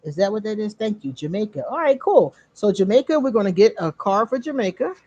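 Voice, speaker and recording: Woman, casual card-reading host, animated, laughs a lot, stretches words for emphasis, dry close sound. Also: medium pitch, a little fast, dry recording, dull audio. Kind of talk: casual live-stream chat.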